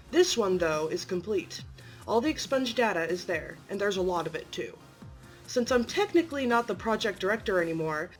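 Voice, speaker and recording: A woman narrating from a script in a clear, matter-of-fact way. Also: mid-range voice.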